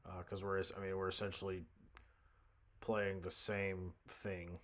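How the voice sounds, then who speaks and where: A man's voice: sits low, little pitch movement, unhurried, fairly bright tone. A young man narrating a casual music-writing tutorial, thinking aloud at his computer with many fillers and self-corrections. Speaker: music composition instructor.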